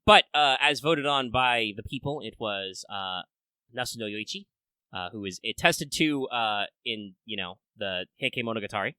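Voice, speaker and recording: A man hosts a casual podcast, rambling as he explains things to listeners and padding his speech with fillers and restarts. His voice is on the low side, animated, forceful, and bright, with a clear, resonant tone at normal speed. The recording is close and dry.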